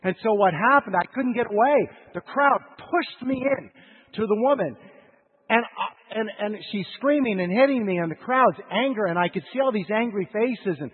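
A husky man preaches, his slightly high voice shifting from loud urgency to hushed lows. The sound is thin and tinny like a radio broadcast, with a long hall echo trailing his words. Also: expressive, moderate pace. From United States. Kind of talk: sermon storytelling.

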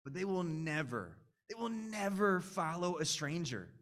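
A young man in his late twenties preaches with an earnest, conversational manner. His voice sits a little high for a man, and he keeps turning to the congregation with quick asides. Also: very animated, a bit bright. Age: 20s. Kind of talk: sermon.

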